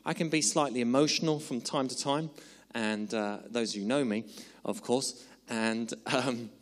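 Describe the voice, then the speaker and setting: A man preaching a sermon in earnest, slowing down for emphasis and then easing into chatty, humorous asides. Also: medium pitch. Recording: long hall reverb.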